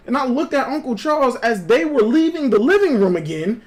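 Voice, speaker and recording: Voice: high voice, animated, normal speed, few pauses. A live-stream host telling a long, rambling family story in casual talk, swearing freely and answering viewers by name.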